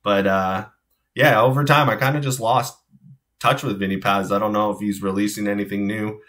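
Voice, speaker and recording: A man's voice: fairly low pitch, fairly even intonation, moderate pace, fairly bright tone. Laid-back man hosting a hip hop show. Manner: laid-back, rambling with fillers. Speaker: host. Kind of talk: casual show talk.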